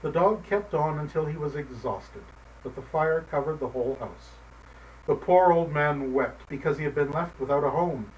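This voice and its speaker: A man narrating a folk tale in a gentle, measured storybook manner. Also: fairly high pitch. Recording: distant mic, faint background noise.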